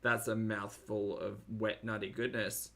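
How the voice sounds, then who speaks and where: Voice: medium pitch, level tone, a little slow, gravelly, a bit bright. A reaction streamer giving sarcastic livestream commentary, laughing often and thanking viewers by name.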